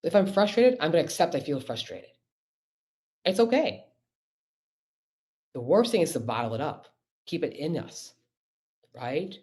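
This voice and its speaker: A man's voice: fairly high pitch, big pitch swings, moderate pace, darkish tone. Middle-aged guy doc on a webinar, chatty and emphatic, keeps asking "right?", computer mic. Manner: conversational, emphatic, repeating rhetorical questions. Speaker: physician giving a webinar. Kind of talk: webinar talk.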